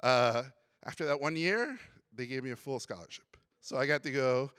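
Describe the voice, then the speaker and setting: A man from Mexico giving a conference talk, telling his story in an animated way and acting out the voices of others. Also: mid-range voice, normal speed, smooth, no room sound, clean studio sound. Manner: animated storyteller who acts out quotes. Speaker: conference speaker. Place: conference hall.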